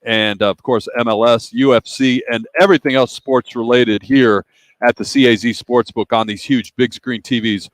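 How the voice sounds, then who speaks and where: A man's voice: medium pitch, fairly even intonation, moderate pace. Upbeat male sports radio host. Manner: upbeat, plugs sponsors between picks. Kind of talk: casual sports talk. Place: broadcasting live from a sportsbook bar.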